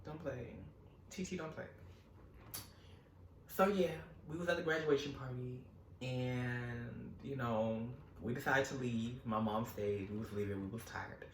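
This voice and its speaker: A man telling a wild true story in a casual vlog, animated and profane. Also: mid-range voice, normal speed, echoey room, far from the mic, slight background noise. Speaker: storytelling host.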